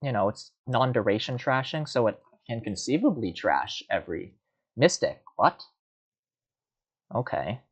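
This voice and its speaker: A man's voice: mid-range voice, sing-song, a little slow, pauses often, slightly rough. A man giving casual, rambling commentary while playing a card game, muttering and mocking himself.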